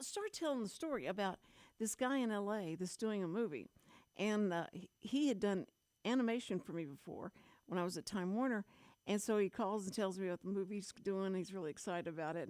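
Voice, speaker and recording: A middle-aged Texan woman hosts a community radio show, wandering through her stories and restarting sentences as she goes. Her voice sits at an ordinary pitch for a woman. It is recorded dry and close, with no room sound. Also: a little mellow, no room sound. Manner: rambling, restarts often, storytelling. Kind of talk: casual on-air chat. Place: radio studio.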